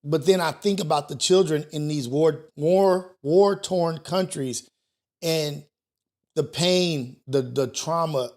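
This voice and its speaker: A man's voice: a little high, takes it slowly, darkish tone. Profane, loose-talking male show host. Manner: loose, profane, thinks aloud with restarts. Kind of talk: casual talk show commentary.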